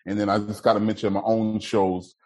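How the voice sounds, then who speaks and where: A man's voice: lowish voice, flat delivery, brisk, a little mellow, rough recording. A man hosting a casual chat, talking loosely in slang and laughing often. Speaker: podcast host.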